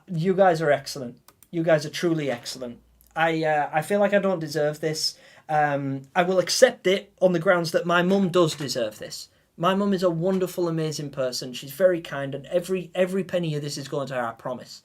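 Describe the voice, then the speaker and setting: A man's voice: fairly high pitch, a little fast. A man livestreaming a game, thanking viewers in a heartfelt, stammering, emotional way. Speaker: gaming livestreamer. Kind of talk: live-stream chat with viewers.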